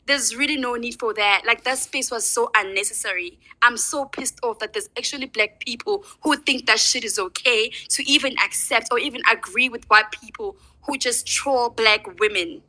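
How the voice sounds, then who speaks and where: A woman's voice: fairly high pitch, moderate pace, few pauses, sharp tone, low-quality recording. A woman giving an impassioned, angry personal testimony in an online audio discussion, asking rhetorical questions.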